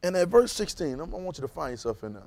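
A man preaching with a fairly high voice that keeps rising into loud, emphatic bursts before dropping back down. He repeats his lines and has the congregation echo him back. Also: sing-song, fast. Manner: calls on congregation to repeat phrases. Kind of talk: sermon.

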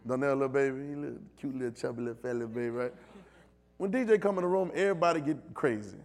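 A man preaching a sermon in a call-and-response style, building from low asides to loud shouted calls, with speech. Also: racing.

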